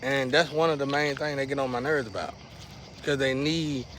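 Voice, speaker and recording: A man talks straight to his viewers in a loose, rambling monologue full of slang. His voice sits in a middle pitch and keeps surging louder, then dropping low. A faint background noise hums beneath him. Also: moderate pace. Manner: rambling, slangy, restless swings in loudness. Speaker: vlogger.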